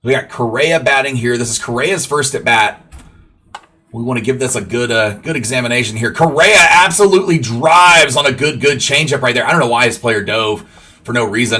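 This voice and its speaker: A man's voice: mid-range voice, fairly quick, pushed and bright. A man casually narrating his own baseball video game match, rambling play-by-play full of fillers and asides to viewers. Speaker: gaming YouTuber. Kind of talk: gameplay commentary.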